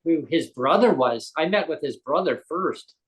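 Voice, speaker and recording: A man's voice: fairly high pitch, animated, normal speed, rough recording. A man, a guest on a live interview show, tells a personal story in a rambling way, often correcting himself and acting out quoted dialogue.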